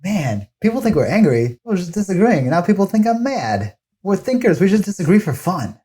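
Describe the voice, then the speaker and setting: A man giving casual commentary, acting out quoted voices with big pitch jumps. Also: very animated, brisk, warm tone.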